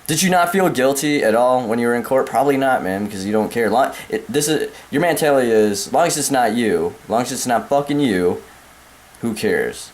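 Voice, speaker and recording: A man's voice: mid-range voice, expressive, fairly quick. A young American man ranting angrily to camera, profane and repetitive, calling the listener man and dude. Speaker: vlogger. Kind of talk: angry rant to camera.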